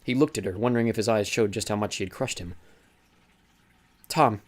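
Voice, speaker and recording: A man narrating an audiobook in a steady, dramatic reading style. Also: lowish voice, racing. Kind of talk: scripted narration.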